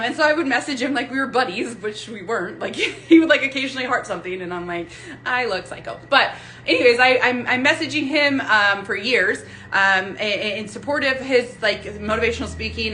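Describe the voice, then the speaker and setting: Bright-voiced chatty young woman on a phone. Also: a little high, a little hiss or hum, low-quality recording. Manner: chatty, rambling, many fillers and restarts. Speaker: vlogger. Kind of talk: casual live-stream chat. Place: home room lit by a ring light.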